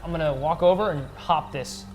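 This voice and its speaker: A man's voice: a little high, fairly quick. A man playing a tabletop game, talking plainly and matter-of-fact. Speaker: player. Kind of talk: casual tabletop play. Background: background music.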